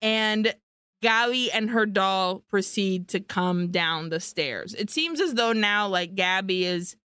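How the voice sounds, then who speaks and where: A woman's voice: medium pitch, animated, takes it slowly, sharp tone, clear, resonant tone, dry recording, studio quality. A woman co-hosting a podcast, casually recapping a film scene by scene and swearing freely. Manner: swears freely, breezy storytelling. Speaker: podcast co-host.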